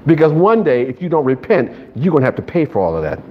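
A man's voice: on the high side, very animated, quick pace. A male preacher delivering a sermon to a live congregation, mixing playful joking asides with call-and-response. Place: church service with a live congregation. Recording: slightly dull recording, faint background noise.

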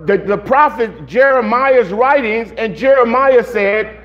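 A man with a high voice preaches a sermon in an unhurried, drawn-out way. He talks conversationally, often restarting and repeating his phrases. The recording sounds dull and lo-fi. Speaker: pastor.

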